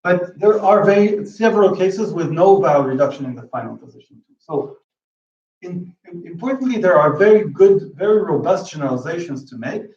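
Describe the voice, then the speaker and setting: A man giving an academic talk in linguistics, halting and restarting often, checking in with the audience. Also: high voice, expressive, a little mellow, far from the mic. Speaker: linguistics lecturer. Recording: roomy lo-fi hall recording from afar.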